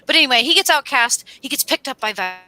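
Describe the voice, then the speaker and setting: Woman, very bright voice, casual rambling chat, animated storyteller, livestream co-host. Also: high voice, fast talker, no room sound, poor audio. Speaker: astrology show co-host.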